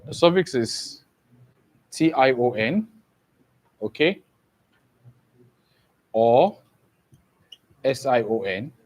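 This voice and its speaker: On poor audio, a man with a medium-pitched, expressive voice teaches an online exam-prep English lesson. His explanations are slow and repetitive, moving step by step, returning to key terms, and peppered with "okay?" checks.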